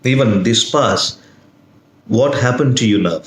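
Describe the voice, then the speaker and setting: A man teaching a video lesson in a slow, deliberate way, leaning hard on single words. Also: mid-range voice. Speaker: lecturer. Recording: echoey room.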